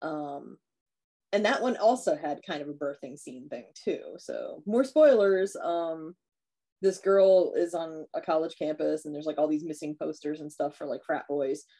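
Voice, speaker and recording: This podcast co-host chats casually while recounting a horror movie's plot one scene at a time, acting out what the characters say amid plenty of fillers. She has a somewhat low, dark, mellow voice and keeps a measured pace.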